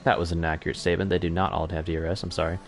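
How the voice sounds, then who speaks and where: A man's voice: low-pitched, level tone, very fast, soft background music. A young man commentating an online racing league in a chatty, self-correcting way that picks up during on-track battles. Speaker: race commentator.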